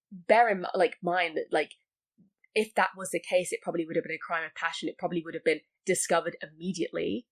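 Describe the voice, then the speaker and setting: A woman's voice: on the low side, creaky. A woman talking casually about a film as a podcast guest, full of likes and restarts. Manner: chatty, many likes and restarts.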